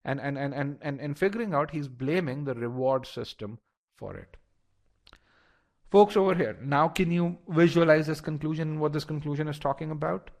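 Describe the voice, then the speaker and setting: A man's voice: fairly high pitch, normal speed. A man leading a live online test-prep lesson, talking straight to his students with frequent repeated words and restarts. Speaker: instructor.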